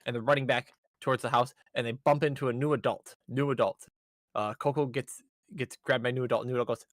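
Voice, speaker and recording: A man's voice: medium pitch, steady tone, brisk, dry recording, studio quality. A man casually recapping an anime episode on a podcast, rambling with fillers and swearing. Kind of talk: casual chat.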